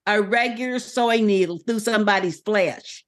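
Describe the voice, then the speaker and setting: A woman's voice: mid-range voice, normal speed. A woman co-hosting a podcast, chatting casually and reacting in agreement. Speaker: podcast co-host.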